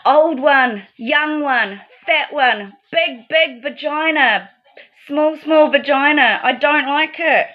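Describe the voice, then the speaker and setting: Aggrieved woman ranting, high voice. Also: slow, highs cut off, soft background music. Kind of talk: emotional monologue to camera.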